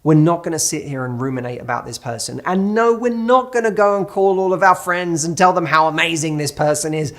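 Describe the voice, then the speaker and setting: A man's voice: fairly high pitch, fairly even intonation, a little fast, hardly any pauses, fairly bright tone. A man in his thirties, a dating coach, giving an earnest motivational talk straight to the listener and now and then acting out an inner dialogue.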